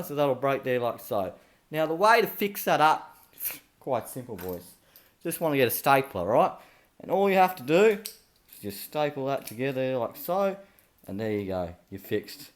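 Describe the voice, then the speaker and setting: Blokey Australian man hosting a mock tutorial. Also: medium pitch. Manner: blokey, chatty, lots of "mate" and "right?". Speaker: comedy channel host.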